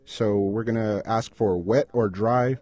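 A man casually announcing upcoming fan events on a podcast, relaxed and hesitant, with many ums and uhs. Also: lowish voice, measured pace, dry recording. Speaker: supporters group announcer.

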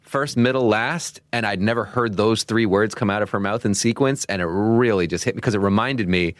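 Low-voiced young man, earnest and reflective. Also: a little fast, dry recording. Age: young adult. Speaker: podcast producer. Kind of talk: casual chat.

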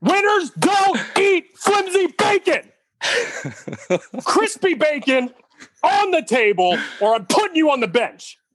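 A man's voice: a little fast, dry recording, natural voice. A man playing an intense male head coach candidate, speaking earnestly. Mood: shouting. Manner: earnest, then yelling in a high voice. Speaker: podcast co-host.

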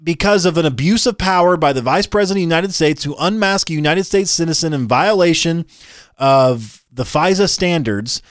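A man co-hosting a political commentary show, talking in an animated, incredulous and joking way. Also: high voice, no echo, studio quality. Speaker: podcast co-host.

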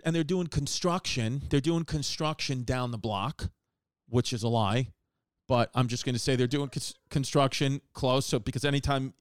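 A man hosting a casual comedy show from his living room, rambling and joking with quick asides. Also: medium pitch, clear, resonant tone, no room sound. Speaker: podcast host.

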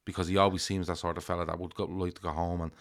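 A man's voice: sits low, little pitch movement, rapid-fire. A man co-hosting a casual football podcast, talking emphatically with some swearing. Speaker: podcast co-host.

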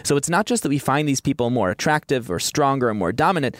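A man's voice: mid-range voice, expressive, fast talker, no echo, clean studio sound. A man who is a science editor, explaining research findings in a wry, informative conversational way.

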